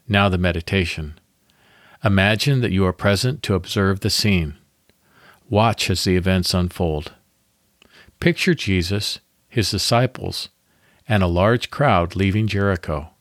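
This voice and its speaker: A man hosting a devotional podcast, reading a guided Bible meditation in a calm, measured way with pauses. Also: low voice, no room sound, studio quality.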